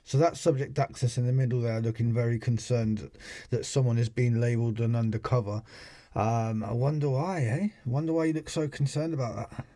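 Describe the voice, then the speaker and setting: A man's voice: medium pitch, steady tone, fairly quick, noisy background. A British man casually commentating over a video clip he plays for viewers, talking in a sarcastic way full of rhetorical questions. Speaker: channel host.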